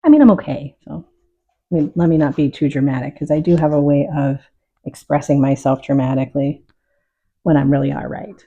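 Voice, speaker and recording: Calm, husky middle-aged woman. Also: sits low, a little fast, highs cut off. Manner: calm, reflective, openly emotional. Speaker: painter. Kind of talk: casual talk while painting.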